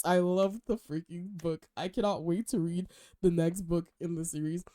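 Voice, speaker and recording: A woman's voice: fairly low pitch, steady tone, moderate pace, warm tone. Chatty woman gushing over books. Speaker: book vlogger and podcast host. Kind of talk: casual book review chat.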